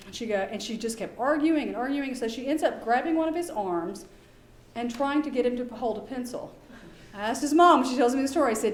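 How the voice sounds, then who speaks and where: A middle-aged woman giving a lecture as a behavior specialist, lively and acting out quoted exchanges in voices. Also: sits high, brisk, slight background noise. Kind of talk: conference lecture. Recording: echoey room, faint background ambience.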